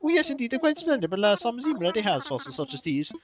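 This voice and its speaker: Man putting on a high, fluttery voice for a fussy owl museum curator in a game; prim, old-fashioned, gushes over every find. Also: very animated, racing. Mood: prim, delighted.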